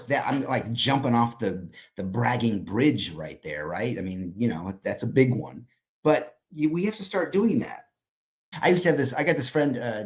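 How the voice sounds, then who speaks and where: Animated, profane man telling stories. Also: fairly low pitch. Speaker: guest, designer and author. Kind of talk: casual podcast conversation. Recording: slightly dull lo-fi audio.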